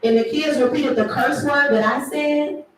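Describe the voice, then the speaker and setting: A woman's voice: sits high, normal speed, noisy background. A woman in her thirties doing a playful stand-up comedy set with teasing crowd work at a live event. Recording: echoey room, from far off.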